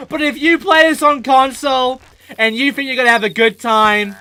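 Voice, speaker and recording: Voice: sits high, fairly even intonation, moderate pace, bright, forceful tone, clear, resonant tone, no echo. A gaming host giving let's play commentary, ranting in a profane, exasperated way.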